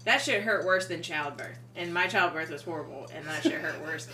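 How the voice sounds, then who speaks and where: Woman, bright voice, animated storyteller, casual podcast chat, echoey room, off-mic. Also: lowish voice, a little fast, recorded from a distance. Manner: animated, laughing, swears freely. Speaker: podcast co-host. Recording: roomy echo, off-mic.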